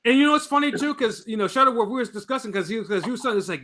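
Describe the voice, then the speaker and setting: A man co-hosts the interview, chiming in easily with comments and questions. His voice sits high and sounds bright. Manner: easygoing, quick to laugh along. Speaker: co-host. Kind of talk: casual interview chat.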